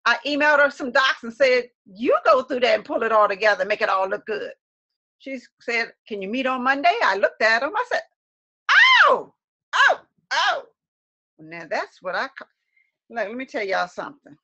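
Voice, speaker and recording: A woman's voice: a little high, expressive, moderate pace, sharp tone, dull audio. A woman co-hosting a webcast, chatting casually to viewers and acting out quotes with lots of laughter. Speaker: webcast co-host.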